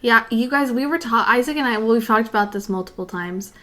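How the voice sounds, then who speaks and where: Brisk and a bit bright, a woman with a higher voice co-hosts a podcast. Her talk is loose and chatty, sprinkled throughout with "like" and "you know."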